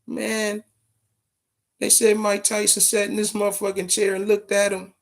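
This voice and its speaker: A man hosting a boxing talk show, telling stories in casual, profane, animated commentary. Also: sits high, normal speed, creaky. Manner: profane, storytelling, animated retelling.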